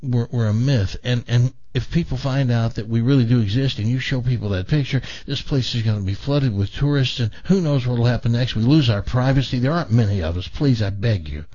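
A man's voice: medium pitch, a little fast, few pauses, dry recording, highs cut off, close to an everyday voice. A pleading mermaid, as a joke-telling man puts her on. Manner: pleading, softly explanatory. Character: gorgeous mermaid woman, pleading and gentle.

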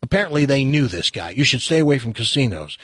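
A man's voice: medium pitch, quick pace, slightly rough, no room sound, studio quality. A man hosting a talk radio show, telling stories and a joke while acting out the voices. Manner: animated storyteller, acts out the joke's voices.

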